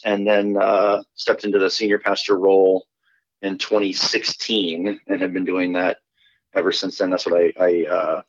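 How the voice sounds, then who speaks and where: A man from Iowa, a pastor, talking casually in a podcast interview with a relaxed, rambling manner and many fillers. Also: fairly low pitch, no room sound. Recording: dull, lo-fi remote audio.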